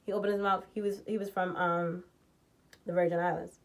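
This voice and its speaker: A woman's voice: level tone, brisk. Blunt, profane woman telling a story. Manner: swings between loud outbursts and low muttering. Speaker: vlogger telling a personal story. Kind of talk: casual storytime vlog.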